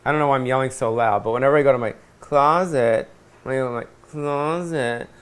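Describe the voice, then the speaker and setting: A man's voice: medium pitch, brisk, clear, resonant tone. A middle-aged man hosting a solo rant from his apartment, rambling and swearing, often losing his train of thought. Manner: scattered, profane, loses his train of thought. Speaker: host.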